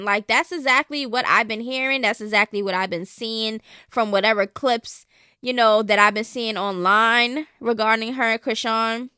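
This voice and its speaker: A woman's voice: on the high side, pushed and bright, clear, resonant tone. Sassy woman dishing blunt gossip. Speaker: gossip channel host. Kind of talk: casual celebrity gossip commentary.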